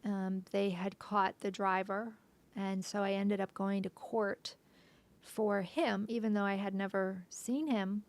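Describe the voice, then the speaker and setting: Gravelly-voiced woman telling a hard story. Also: medium pitch, steady tone. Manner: halting, emotional retelling with frequent restarts; often drops to a soft whisper. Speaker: podcast guest. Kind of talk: personal storytelling interview.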